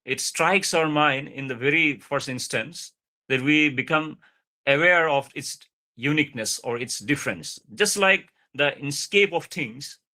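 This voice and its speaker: A man's voice: on the high side, measured pace, bright, forceful tone. A man giving a university lecture over a video call, explaining patiently, repeating phrases for emphasis, with frequent uh fillers. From India. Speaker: guest lecturer.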